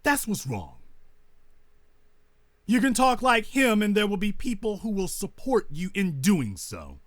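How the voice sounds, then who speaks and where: A man's voice: high-pitched, wildly swooping pitch, a little slow, a bit bright, no echo, studio quality. A man hosting a commentary monologue, repeating his points with rhetorical emphasis like a preacher and sounding indignant and scornful. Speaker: host.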